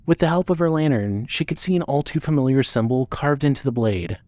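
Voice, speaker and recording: A male narrator carries a dark fantasy story at a middle, everyday pitch. His telling is steady and measured, and it keeps the scene moving. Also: no echo. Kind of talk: scripted narration of a fan audio drama.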